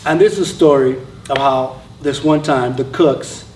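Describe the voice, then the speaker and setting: This Army veteran's voice is mid-range and darkish, moving at a normal speed with a little hiss or hum. He tells a story live on stage in a casual, conversational way, often using fillers and starting over. The audio is roomy from a distant microphone.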